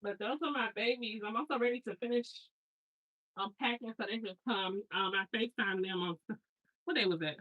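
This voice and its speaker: A woman's voice: mid-range voice, brisk, narrow, tinny audio. A woman in her thirties, a hair stylist, chatting casually and telling rambling family stories with slangy asides while she unpacks. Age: 30s.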